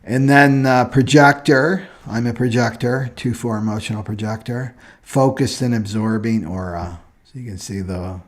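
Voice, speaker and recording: A man's voice: mid-range voice, normal speed. A man hosting a casual livestream on astrology, talking loosely and ending many points with "right?".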